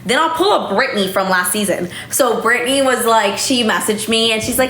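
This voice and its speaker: A young woman hosts a casual livestream from home, chatty and a bit tipsy, using lots of fillers and swearing casually. Her voice is fairly high and fairly bright, and she talks briskly in an echoey room with faint noise.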